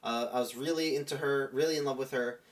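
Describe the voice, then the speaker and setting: Fast-talking young man telling a story. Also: mid-range voice, steady tone. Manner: rambling, lots of "like" and restarts. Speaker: streamer. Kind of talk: casual storytelling to stream viewers.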